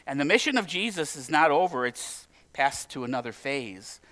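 High-voiced pastor preaching conversationally. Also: male voice, expressive, moderate pace, a bit bright. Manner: conversational, humorous preaching with direct questions to the congregation. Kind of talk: sermon.

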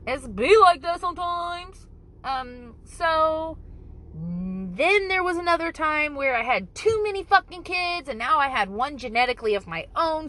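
A woman's voice: high-pitched, bright, forceful tone, rough recording. A woman talking casually to camera with parenting advice, blunt and profane, joking and exaggerating as she goes.

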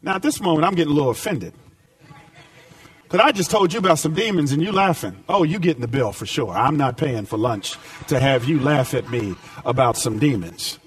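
A man preaching a sermon as pastor, climbing to emphatic points and dropping to a quiet storytelling tone. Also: fairly high pitch, animated, a little fast, breathy edge, no echo, distant mic.

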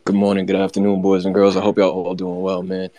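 Fast-talking low-voiced man ranting. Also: completely flat delivery, dark tone, slight background noise. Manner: rapid, heated, run-on ranting. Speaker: co-host. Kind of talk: casual sports rant.

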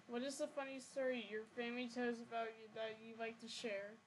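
Laughing teenage girl, slightly high voice. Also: level tone, a little fast, slight background noise, low-quality recording. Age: teens. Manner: laughing, bossy about running the questions. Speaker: club treasurer and co-host. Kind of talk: casual podcast chat.

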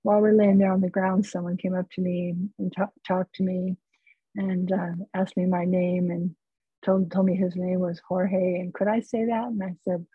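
A woman from California, a psychotherapist guest, telling a personal story in an earnest, unhurried way over a remote call. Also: lowish voice, flat delivery, breathy edge, no room sound. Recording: tinny phone-like line, dry.

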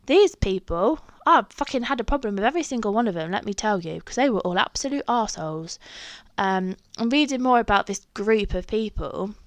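A young English-accented woman, a podcast host, tells a personal story in a casual, chatty way, swearing freely and acting out her own reactions. Her mid-range voice is animated and a little fast, and the recording is dry.

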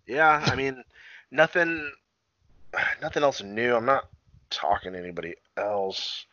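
A young man co-hosting a casual podcast, swearing freely and laughing through animated, crude stories. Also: medium pitch, slow, long pauses, dry recording, muffled recording.

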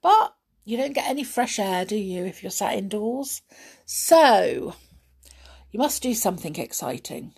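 A woman reads a children's storybook aloud, taking her time over each line. She is expressive and speaks warmly to a young listener, with her voice at a middle pitch. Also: a little slow, creaky, breathy edge.

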